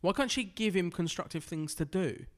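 A man's voice: high voice, animated, normal speed. A young man, co-hosting a podcast in casual, jokey banter and laughing at his own lines. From England. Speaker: podcast co-host.

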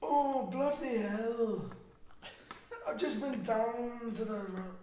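A man putting on a Scottish accent, voicing a chatty man in a drawn-out, singsong way. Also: extremely high pitch, pitched above the performer's own voice. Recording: echoey room with noise.

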